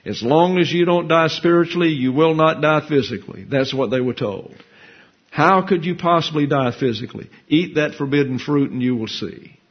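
A man teaches scripture in a slightly husky voice, working through Hebrew grammar one term at a time. He reads verses and book quotations aloud in a measured, explanatory way. The recording sounds dull and lo-fi. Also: fairly high pitch. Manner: methodical, explains Hebrew grammar terms step by step. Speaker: Bible teacher. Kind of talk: expository Bible lesson.

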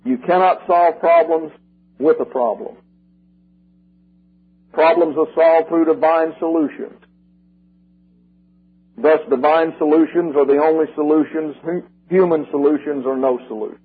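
An older man preaching a sermon, working through numbered points and repeating key slogans slowly and with emphasis, with a husky voice. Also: on the high side, fairly even intonation. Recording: tinny lo-fi radio broadcast.

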